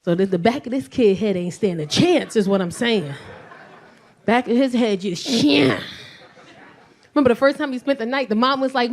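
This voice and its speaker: Stand-up woman in her forties, high-pitched, swears freely, swings into shouting. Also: normal speed. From Belizean and Nigerian heritage. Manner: profane, animated storytelling with loud shouted bursts. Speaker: stand-up comedian. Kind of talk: stand-up comedy. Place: comedy stage with live audience.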